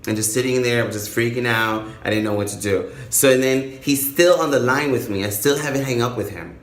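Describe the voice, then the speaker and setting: A man telling a story to camera in a casual vlog, animated and dramatic, with lots of swearing. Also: mid-range voice, fairly quick, reverberant. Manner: animated, profane, dramatic retelling. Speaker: vlogger.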